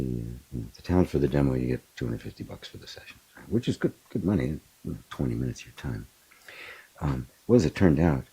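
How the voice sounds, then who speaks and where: A middle-aged man, a spiritual teacher, talking reflectively in an open forum and telling stories with animated bursts. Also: very deep voice, slightly rough, rough recording. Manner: reflective, animated storytelling with laughs. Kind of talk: open forum talk on self-inquiry.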